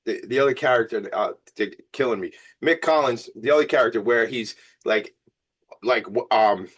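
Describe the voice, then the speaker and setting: A man with a Long Island New York accent, hosting an interview in an energetic, rambling, playful way. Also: medium pitch, moderate pace, husky. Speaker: podcast host. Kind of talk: casual interview chat.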